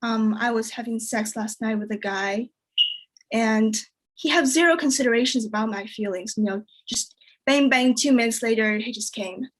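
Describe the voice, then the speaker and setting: A woman whose first language is Chinese performs a stand-up set with a slightly high voice. Her delivery is dry and deadpan. She leaps up in pitch whenever she acts out someone else. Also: moderate pace. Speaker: stand-up comedian.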